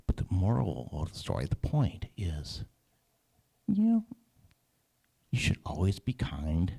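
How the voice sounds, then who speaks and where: A man telling a story to children at a church service, animated and halting, often restarting phrases. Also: low-pitched, creaky, slightly rough. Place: church sanctuary.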